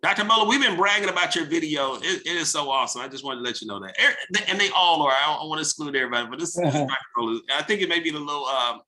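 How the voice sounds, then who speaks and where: Man, coaching host on a video call, high-ish and very bright, forceful and energetic. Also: rapid-fire, few pauses. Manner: energetic, coaxing, asks the group questions. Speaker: real estate team leader hosting a video call. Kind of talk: motivational coaching talk.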